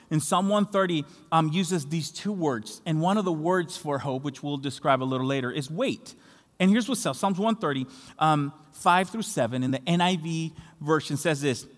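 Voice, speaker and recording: A Latin American man whose voice sits high preaches a sermon as pastor, passionately building and rising to shouts on key phrases. The recording carries long hall reverb.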